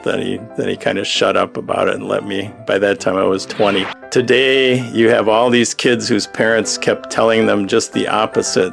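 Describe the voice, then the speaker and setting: A man's voice: fairly low pitch, creaky. An older man, a cartoonist and publisher, telling wry, sardonic anecdotes in a reflective lecture style. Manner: wry, storytelling, dryly sardonic. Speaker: cartoonist and humor magazine publisher. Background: background music.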